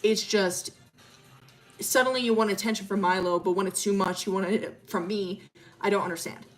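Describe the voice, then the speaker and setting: A woman's voice: mid-range voice, fairly even intonation, moderate pace, faint music behind, natural voice. A woman voicing a fed-up teenage girl who talks bluntly and curses. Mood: cold. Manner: blunt, cursing, dismissive.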